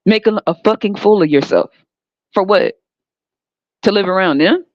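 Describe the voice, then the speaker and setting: A woman's voice: medium pitch, moderate pace, long pauses, no echo. A woman from the United States hosting a podcast, delivering a profane, emphatic unscripted rant full of rhetorical questions. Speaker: podcast host. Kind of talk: unscripted monologue. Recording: dull, dry lo-fi recording.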